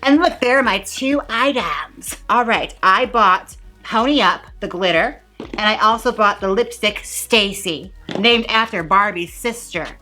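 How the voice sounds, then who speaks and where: A woman's voice: medium pitch, unhurried, bright, forceful tone, faint music behind. A woman hosting a comedic makeup review vlog in a playful, mock-dramatic, gushing way. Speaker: beauty vlogger.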